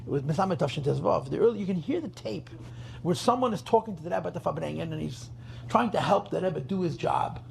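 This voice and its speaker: A man's voice: fairly high pitch, lively intonation, fast talker, gravelly, a little hiss or hum. A rabbi telling a story at a gathering, emphatic, repeating his phrases and mixing in Yiddish terms. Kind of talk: farbrengen storytelling talk.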